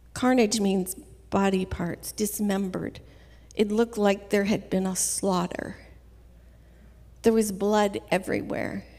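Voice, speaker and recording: A woman preaching a sermon in a church, telling her story in an earnest, measured way. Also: a little high, darkish tone. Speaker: guest preacher. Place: church sanctuary. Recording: reverberant church hall.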